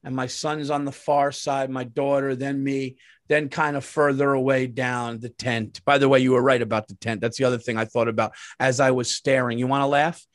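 Animated storytelling man, dry sound. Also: medium pitch, moderate pace, dry recording. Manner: animated, profane storytelling with acted-out quotes. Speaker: podcast host. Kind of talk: comedic storytelling.

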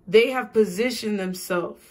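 A woman tarot reader giving a collective reading, speaking in slow, repetitive spiritual phrases. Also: medium pitch, a little mellow.

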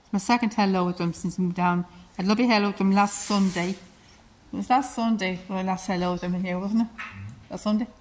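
A woman at outdoor stud-farm stables, filming on a phone and chatting in a high sing-song coaxing voice, repeating herself to a horse and her viewers. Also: fairly even intonation, fast, slight background noise, low-quality recording. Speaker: horse enthusiast filming a stallion visit. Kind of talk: casual vlog talk to a horse and viewers.

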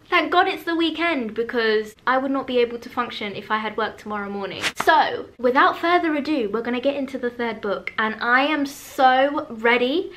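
A woman, chatting excitably and dramatically about books in a casual reading vlog. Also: high-pitched, moderate pace. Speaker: book vlogger.

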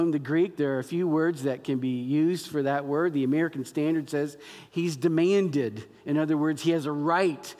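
A man preaching a sermon as pastor, animated and acting out biblical dialogue in quoted voices. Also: high voice. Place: church sanctuary. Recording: long hall reverb.

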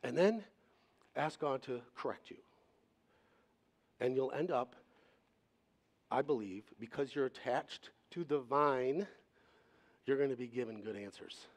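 A man's voice: mid-range voice, animated, unhurried, long pauses. A male pastor giving a sermon in a conversational manner, acting out quoted voices as he speaks.

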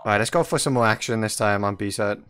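A man's voice: lowish voice, fast, fairly bright tone. A young man giving casual, jokey commentary over his own mobile shooter gameplay. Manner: chatty, jokey, laughs often at teammates and enemies. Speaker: mobile gaming YouTuber. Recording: music playing faintly behind.

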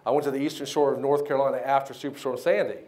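A man giving a motivational banquet speech, telling his story with lively acted-out quotes. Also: medium pitch, racing. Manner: animated storyteller, acts out quoted voices. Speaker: keynote speaker. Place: banquet hall.

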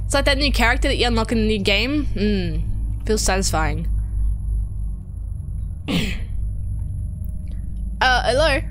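A woman's voice: a little high, slight background noise. A young woman streamer giving jumpy, swear-heavy horror game commentary and talking to her chat. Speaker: gaming streamer.

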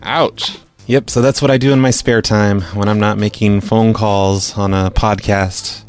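A man with a lowish voice hosts a prank call podcast. He talks casually and teases with dry sarcasm, and faint music sits behind him. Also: fairly even intonation, a little slow.

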